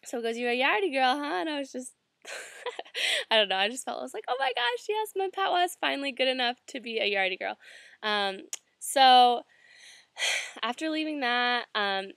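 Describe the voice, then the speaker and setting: A young American woman, a student sharing a reflection, casually tells a personal story in a medium-pitched, slightly bright voice with no room sound. She's chatty, laughs often, and fills her speech with fillers and plenty of "like"s.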